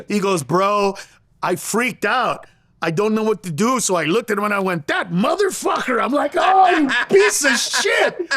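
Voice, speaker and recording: A middle-aged male comedian telling a story in an interview, animated and profane, acting out the voices he quotes. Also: fairly high pitch, dry recording. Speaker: comedian guest.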